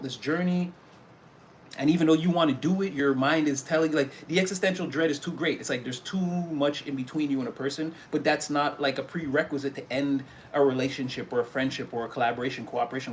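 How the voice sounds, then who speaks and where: Brief: a man reading tarot off the cuff, rambling and loose, voice a touch higher than usual, a faint hiss behind. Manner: rambling, loose, full of fillers and restarts. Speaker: tarot reader. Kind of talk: casual spoken tarot reading.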